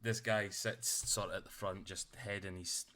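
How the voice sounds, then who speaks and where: A man narrates a tabletop game as game master, rambling a little with fillers. His voice is lowish and bright. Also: steady tone, moderate pace.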